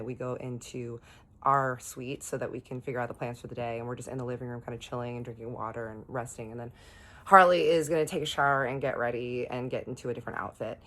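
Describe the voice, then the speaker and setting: Woman, very low pitch, casual storytime vlog, chatty retelling. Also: a bit bright. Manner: chatty, retells conversations with lots of "I'm like".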